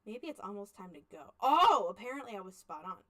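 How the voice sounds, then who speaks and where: A young woman streamer reading an otome game aloud and chatting with viewers, animated, laughing often and playfully mock-angry. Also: medium pitch, fairly quick. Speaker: VTuber streamer.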